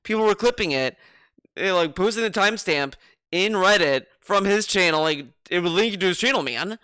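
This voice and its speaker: A man's voice: high voice, lively intonation, moderate pace, bright, forceful tone, clean tone, no room sound, studio quality. A man giving casual, sarcastic reaction commentary, rambling and repeating himself as he argues. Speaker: streamer reacting to a video.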